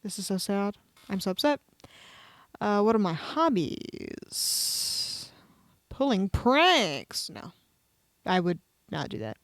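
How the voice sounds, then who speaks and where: A woman streamer reads online personality quizzes aloud in a relaxed, sarcastic way, tossing in offhand swearing. Her voice sits at an ordinary middle pitch. It is captured dry on a close mic with no room sound. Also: slow pace, pauses often, dry recording.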